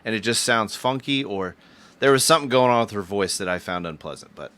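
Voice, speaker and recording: A man with a lowish voice that comes across bright and crisp, leading a relaxed movie chat. He works through notes he wrote beforehand, easygoing and conversational. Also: a little fast. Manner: reads out his own notes, easygoing. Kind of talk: casual movie discussion.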